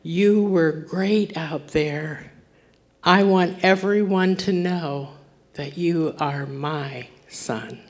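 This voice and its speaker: A woman voicing a loving father who comforts his son in a slow, hushed, near-whispered voice. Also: on the low side, steady tone. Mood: tender. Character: tender loving father, grown man.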